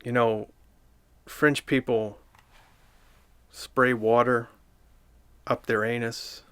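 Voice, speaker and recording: A man doing a deadpan comedic review of a picture book, with dry, sardonic, rambling asides. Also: medium pitch, drawn-out words, smooth, dry recording.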